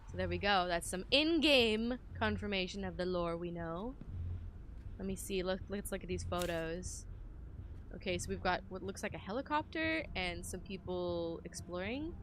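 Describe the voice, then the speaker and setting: A woman's voice: lowish voice, moderate pace, a bit bright, a little hiss or hum. A young adult woman streamer chatting casually while playing and reading a horror game. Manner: chatty, reacting as she reads. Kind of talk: live gameplay commentary.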